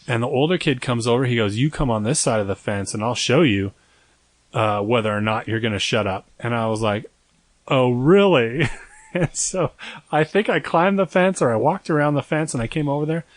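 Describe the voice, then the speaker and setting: Rambling self-mocking young man. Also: no room sound. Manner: rambling, self-mocking, acts out quotes in a high voice. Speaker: podcast co-host. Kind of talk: casual storytelling chat.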